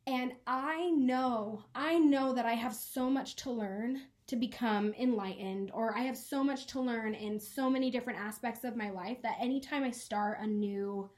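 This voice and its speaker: Her voice is a little high with a darkish tone: a twentysomething woman co-hosting a podcast. Chatting casually, she recounts something personal with earnest emotion and the occasional quick laugh.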